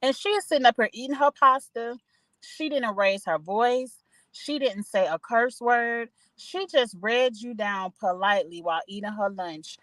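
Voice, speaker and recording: A fairly high-voiced woman talks through a gossipy reality show recap while sitting in her parked car. Her voice sounds close and dry, with little room sound. She is opinionated and chatty and keeps drifting into asides. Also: normal speed, fairly bright tone, dry recording, low-quality recording. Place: parked car in a parking lot.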